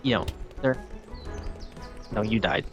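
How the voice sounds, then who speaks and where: A man chatting casually over a game, telling a story in halting starts with many fillers. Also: lowish voice, expressive, highs cut off, music in the background. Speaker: co-host. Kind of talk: casual gaming chat.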